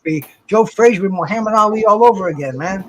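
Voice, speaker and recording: A man's voice: sits high, quick pace, poor audio. A man on a panel chat who stammers and repeats his words.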